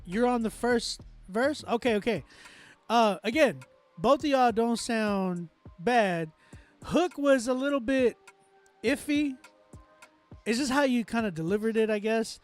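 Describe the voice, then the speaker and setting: A man's voice: extremely high pitch, measured pace. A man from Texas, a music producer hosting a casual livestream, reading chat aloud and giving loose, talkative critique with frequent laughs.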